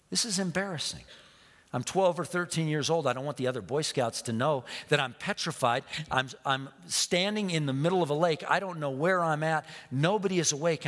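Preacher in a reverberant hall. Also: male voice, fairly high pitch, a bit bright. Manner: storytelling, repeats phrases, drops to a whisper. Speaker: pastor. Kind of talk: sermon.

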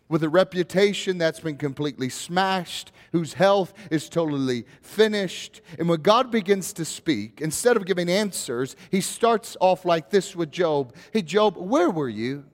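A man's voice: high-pitched, animated, moderate pace, in a large hall. A male pastor preaching a sermon in a conversational way, building to rising, emphatic questions.

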